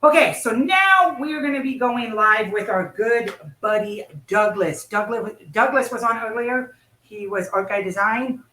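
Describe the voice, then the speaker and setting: A livestream host chatting upbeat and excitable, interviewing a guest from home without a headset. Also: medium pitch, measured pace. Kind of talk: live-stream chat and interview. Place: home, in California. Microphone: computer mic without headset. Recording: echoey room.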